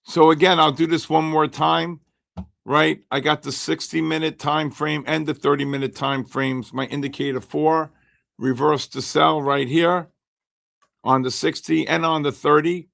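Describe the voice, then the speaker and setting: A hoarse man hosting a live trading stream, chatting with viewers by name while he calls trades. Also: a little high, measured pace. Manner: animated, greets chat by name while calling trades. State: hoarse, losing his voice. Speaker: livestream host and futures trader.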